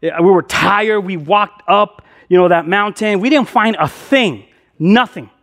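A man with a high voice preaching from the pulpit, starting his message with a rambling, slang-filled story told like a chat with friends. He leans on fillers and jumps up in pitch when he acts out the excited moments. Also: a little slow. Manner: chatty storyteller full of "man" and "bro" with many fillers. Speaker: pastor. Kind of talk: sermon opened with a casual told anecdote.

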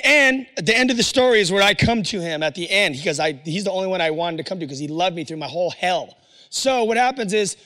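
A man's voice: on the high side, a bit bright, big-room sound. A man telling his personal testimony to an audience in a casual, slangy storytelling way. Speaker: speaker giving a personal testimony.

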